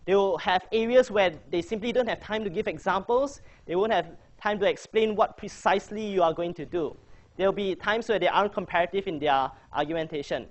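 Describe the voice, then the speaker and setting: A man's voice: high voice, a little fast. A man coaching a debating workshop, chatty and joking as he quizzes his audience. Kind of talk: casual workshop presentation.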